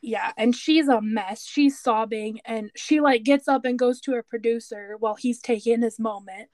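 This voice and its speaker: A woman co-hosting a podcast, chatting casually and retelling scenes with animated quoted voices. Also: fairly high pitch, moderate pace, no echo. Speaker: podcast co-host. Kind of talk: casual chat recapping a TV show.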